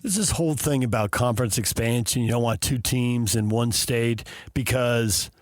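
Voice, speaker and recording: A man's voice: mid-range voice, moderate pace, no echo, clean studio sound. A man co-hosting sports radio, wry and laid-back, ribbing his partner in casual talk.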